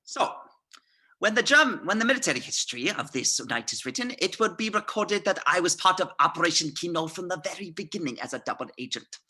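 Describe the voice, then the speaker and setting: A script reader voicing a cunning, smooth-talking male SS colonel in a theatrical, mock-polite way, swinging between hushed and loud. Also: medium pitch, lively intonation, a little fast. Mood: demanding. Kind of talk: amateur script reading.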